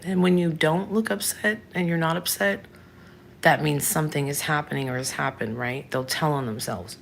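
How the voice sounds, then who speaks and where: Lady in her 30s doing a live chat, low gravelly voice, a bit of hiss behind. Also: normal speed. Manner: chatty, frank, answers viewers by name. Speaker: livestream host. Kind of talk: casual livestream chat.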